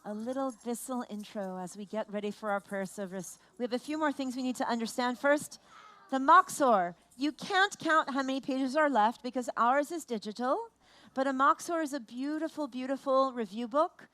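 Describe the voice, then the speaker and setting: A woman leading a lively family service, animated and playful, asking children questions and exclaiming at their answers. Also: high voice, normal speed. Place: large room in a temple.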